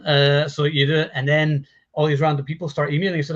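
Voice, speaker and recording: Speaking quickly in a fairly high, level voice, this man hosts a laid-back movie talk on a live stream as a podcast host. He's profane and rambling, full of restarts and laughs, captured through a home mic on a video call with muffled lo-fi sound.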